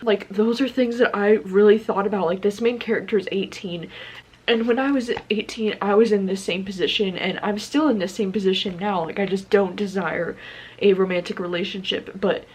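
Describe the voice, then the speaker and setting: A woman's voice: mid-range voice, steady tone, moderate pace, darkish tone, husky, rough recording. A woman in her twenties talking casually about books in a vlog, candid and chatty with lots of "like" fillers. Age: 20s. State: tearful. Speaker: book vlogger.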